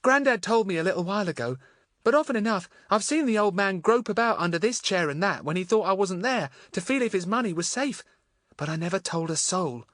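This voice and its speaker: A man reading an audiobook, voicing a frightened, tearful young girl with a high, trembling, pleading voice. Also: expressive, brisk, a bit bright, no echo, clean studio sound. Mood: earnest. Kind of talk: audiobook character voice.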